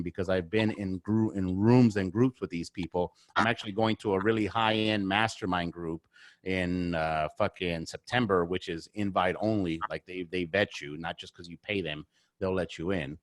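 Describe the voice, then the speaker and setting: A man's voice: low-pitched, steady tone, moderate pace, dry recording, studio quality. Blunt, swearing man on a podcast. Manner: blunt, heavy swearing, repetitive emphatic phrasing. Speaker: podcast guest, real estate investor. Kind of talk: casual podcast conversation.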